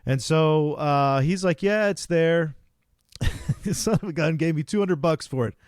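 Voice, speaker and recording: A man's voice: fairly high pitch, moderate pace, darkish tone, no echo. Rambling storyteller man, dry mic. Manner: rambling storyteller, acting out both sides of dialogue. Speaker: podcast co-host. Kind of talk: casual storytelling chat.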